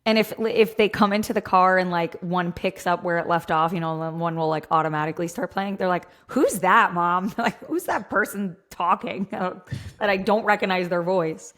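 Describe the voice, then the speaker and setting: A woman's voice: lowish voice, moderate pace. A woman in her thirties co-hosting a fitness podcast, giving candid opinions while thinking aloud with lots of fillers. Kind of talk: casual opinionated chat.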